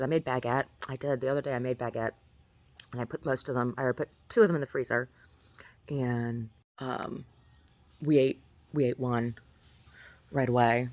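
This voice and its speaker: A woman vlogger talking in a rambling, chatty way, often asking "right?" and at times jumping up into a high squeaky pitch. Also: vocal fry, no echo. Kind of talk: casual rambling monologue.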